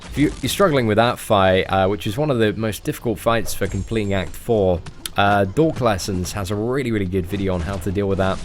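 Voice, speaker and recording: A man's voice: fairly low pitch, fairly quick, a little hiss or hum. A man in his twenties with a fairly posh English accent, chatting casually as he answers viewer questions on a live stream. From England. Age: 20s.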